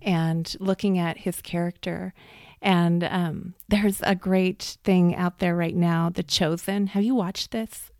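A woman's voice: on the low side, steady tone, slow, darkish tone, no echo, clean studio sound. A woman podcast host speaking enthusiastically and emotionally, retelling a scene and asking her guest questions. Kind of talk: casual podcast conversation.

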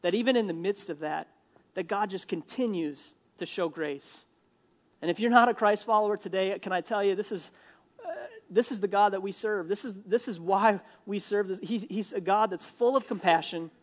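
A male pastor from Minnesota preaching a sermon in a church, animated and jokey, acting out the people he quotes. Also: high voice, normal speed. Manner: animated, jokey asides, acts out quoted lines.

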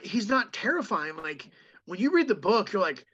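Brief: man, comedian podcast guest, animated storyteller, sharp bright tone. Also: high voice, slightly rough, lo-fi sound. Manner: animated storyteller, breaks into quick impressions. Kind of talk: casual podcast chat.

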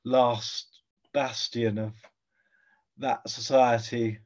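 A man's voice: medium pitch, level tone, very slow, muffled recording. Man musing with thoughtful hesitation. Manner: thoughtful, hesitant, with frequent fillers. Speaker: guest historian. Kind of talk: conversational interview.

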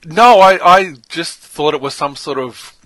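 An Australian man co-hosting a podcast, chatting in an animated, enthusiastic way and laughing often. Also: a little high, a little slow, no room sound. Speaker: podcast co-host. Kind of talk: casual chat.

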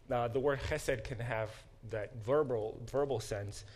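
A male professor gives a classroom lecture at a medium pitch. He explains carefully, stops to unpack foreign terms, and voices quoted lines with dramatic emphasis. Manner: explanatory, pausing to unpack Hebrew words. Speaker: biblical studies professor.

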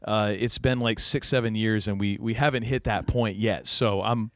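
A man's voice: lowish voice, fairly even intonation, moderate pace, a bit bright, no room sound, studio quality. A man co-hosting a podcast, joking through a rambling sign-off. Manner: jokey, rambling sign-off banter. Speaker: podcast co-host. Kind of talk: casual podcast chat.

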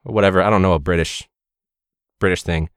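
A man who teaches and hosts a podcast, talking in a casual ranting monologue, sarcastic and animated, with loud mock outbursts. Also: deep voice, fast, clear, resonant tone, dry recording, clean studio sound.

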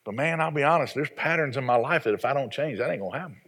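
A man's voice: medium pitch, fast, fairly bright tone, husky. A man in his forties from the American South, a pastor preaching a sermon in a folksy, self-deprecating storytelling way. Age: 40s.

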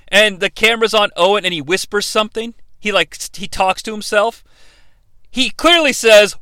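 Bright, clear-voiced sarcastic podcast host. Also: male voice, high voice, brisk, dry recording. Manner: playful, sarcastic, jumps into impressions. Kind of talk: comedic wrestling review podcast.

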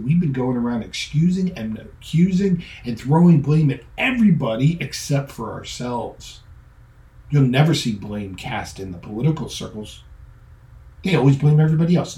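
A middle-aged man preaching with a mellow, warm tone. He talks in a relaxed, joking way and acts out the voices in his stories. The room around him is echoey. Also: medium pitch. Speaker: pastor. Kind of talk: sermon.

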